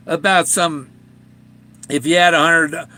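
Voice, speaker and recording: An older man with a fairly high, sharp voice vlogs about a treasure hunt he wrote about. He rambles casually, chuckling often and restarting sentences, over a faint hiss or hum.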